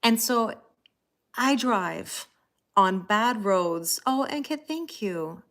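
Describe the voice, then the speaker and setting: A woman's voice: mid-range voice, animated, slow, fairly bright tone. A woman in her forties, a tarot reader hosting a livestream, chatting casually with viewers and telling rambling stories full of fillers. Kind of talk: casual chat greeting live viewers.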